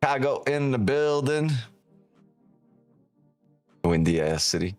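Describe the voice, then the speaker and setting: A man's voice: medium pitch, sing-song, slow pace, darkish tone, no echo, soft background music. A man hosting a live trading stream, joking and teasing viewers in casual, profane banter. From New York.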